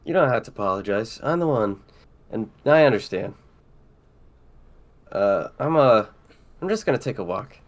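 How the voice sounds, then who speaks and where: Sheepish young boyfriend, soft and apologetic, a man reading. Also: lowish voice, expressive, moderate pace, long pauses, voice pushed down, lightly acted. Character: earnest young man, shy love interest.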